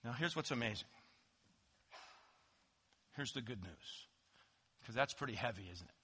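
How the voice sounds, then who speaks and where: A man preaching a sermon as pastor, swinging from loud emphatic declarations to hushed low asides. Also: lively intonation, unhurried, slightly rough. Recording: long hall reverb.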